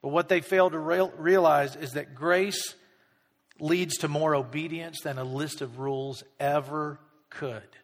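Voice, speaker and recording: A male pastor preaching a conversational sermon, slipping into quick impressions of everyday people. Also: a little high, fairly even intonation, in a large hall. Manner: conversational, acts out people's voices in quick asides.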